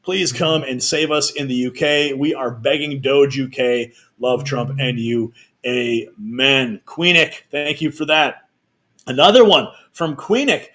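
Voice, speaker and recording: A man in the middle pitch range hosts a live news stream, running through donations and viewer messages with energy. He fires off quick, chatty asides between them. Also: bright, forceful tone.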